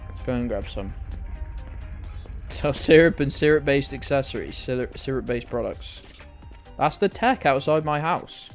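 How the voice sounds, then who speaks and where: A man's voice: medium pitch, lively intonation, normal speed, long pauses, soft background music. A man streaming a game, chatting casually, swearing freely and answering his chat. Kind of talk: casual gameplay commentary.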